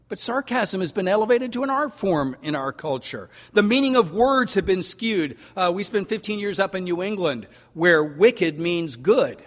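Older man, pastor, folksy sermon, animated, drawn-out emphasis, fairly high voice, echoing church hall. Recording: long reverb of a large hall.

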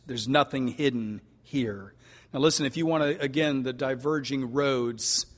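An older man preaching a sermon as pastor, folksy and animated, stretching out key words for emphasis. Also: on the high side. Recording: long reverb of a large hall.

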